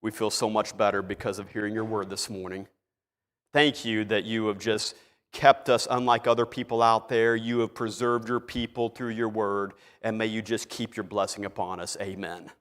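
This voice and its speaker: A preacher putting on a smug pompous churchgoer. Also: male voice, little pitch movement, moderate pace, big-room sound, natural voice. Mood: pompous prayer. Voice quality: pompous, low and hushed. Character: smug self-satisfied male churchgoer Jack.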